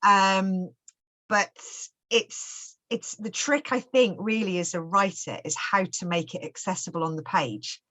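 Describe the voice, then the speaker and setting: A woman's voice: medium pitch, measured pace, sharp tone. A woman, a writer talking casually on a panel, thoughtful and full of restarts and fillers. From Stoke-on-Trent, England.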